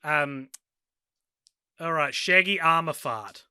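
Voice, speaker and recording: A man hosting a casual podcast, relaxed and easygoing, chuckling often. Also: fairly high pitch, takes it slowly, clear, resonant tone, dry recording, studio quality. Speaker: podcast host.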